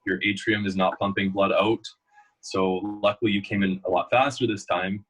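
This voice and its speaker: A young man with a low, husky voice talks in a loose, rambling way. He tells long stories and fills them with "like" and "uh". It sounds like a relaxed, casual interview. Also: moderate pace, rough recording. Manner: storytelling, loose and rambling with many fillers. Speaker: guest.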